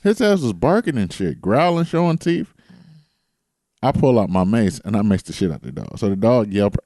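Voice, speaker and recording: A man's voice: lowish voice, moderate pace, dry recording, studio quality. A man co-hosting a podcast, telling casual stories with lots of swearing. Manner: animated storyteller, swears freely. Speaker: podcast co-host. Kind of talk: casual storytelling chat.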